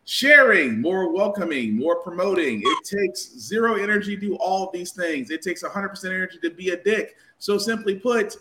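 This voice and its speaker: A man's voice: high voice, fairly bright tone, rough recording. A man giving an emphatic, preachy introduction as a podcast guest. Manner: emphatic, preachy, quick plugs.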